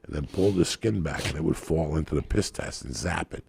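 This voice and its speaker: Man for a crude podcast story bit: very low, gravelly voice, rough husky tone, rambling and profane. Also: a little fast, darkish tone.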